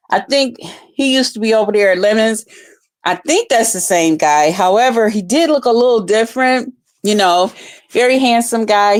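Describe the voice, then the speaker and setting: Woman vlogger, mid-pitched voice, blunt and profane, breaks into loud excited outbursts. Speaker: vlogger reviewing a livestream contest. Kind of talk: casual commentary.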